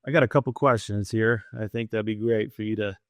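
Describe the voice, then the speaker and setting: A man's voice: lowish voice, steady tone, a little fast, no echo, clean studio sound. A man from Central California in casual chat, hesitant with many fillers, reading questions formally. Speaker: coaching community member.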